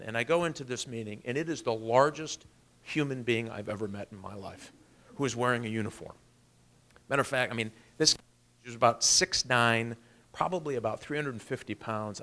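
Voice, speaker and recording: A man's voice: mid-range voice, fairly bright tone. Earnest man giving a speech. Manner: earnest storytelling with emphatic rises. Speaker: congressman. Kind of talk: political speech.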